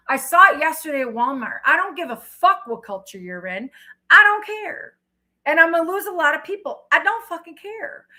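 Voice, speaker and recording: A woman's voice: high-pitched, bright, forceful tone. A woman hosting a tarot livestream, talking bluntly and swearing freely as she rants to her viewers. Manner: blunt, profane ranting. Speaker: tarot reader.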